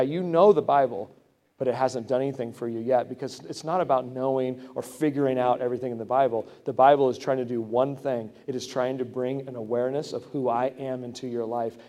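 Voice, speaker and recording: Guy preaching in a church, kinda high voice, swings from chatty to loud, long echo in the hall. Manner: conversational preaching with sudden loud emphatic bursts. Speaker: pastor. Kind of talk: sermon. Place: church sanctuary.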